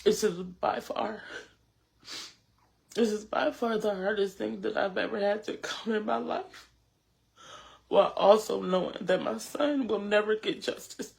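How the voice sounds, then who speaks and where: A mother giving an emotional public statement, tearful and exhausted, halting and repeating her words as she thanks people. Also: mid-range voice, creaky, darkish tone. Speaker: mother of a shooting victim.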